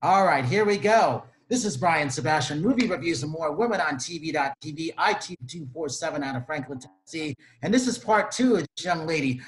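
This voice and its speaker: A man's voice: fairly high pitch, animated, fairly quick, hardly any pauses. A man hosting an interview, introducing his guest effusively and asking questions. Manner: enthusiastic, effusive. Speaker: host. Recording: roomy echo.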